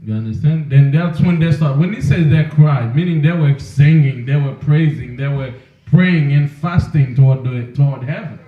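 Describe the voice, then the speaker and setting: A man's voice: a little high, normal speed. A man teaching an informal Bible class in a casual, joking, preachy way, often asking the class questions. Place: room with a class. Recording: echoey room over a tinny phone-like line.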